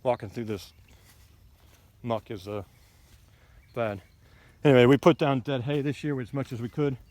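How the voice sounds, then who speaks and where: Man, mid-pitched, blunt, rambling vlogger on a garden walk, dry close sound. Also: moderate pace, a little mellow, dry recording. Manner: blunt, opinionated, rambling with frequent fillers. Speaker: homesteading vlogger. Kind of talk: casual ranting garden tour. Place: outdoors in a garden.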